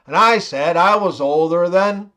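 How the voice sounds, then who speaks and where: A man in his forties narrating a string of jokes in an unhurried way. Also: high-pitched, pushed and bright. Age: 40s. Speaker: joke teller. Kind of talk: narrated joke compilation.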